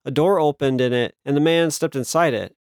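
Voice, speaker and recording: An audiobook narrator, male, reads a novel as scripted narration in a steady, measured storytelling style. His voice is slightly high for a man, and the recording is close and dry with no room sound.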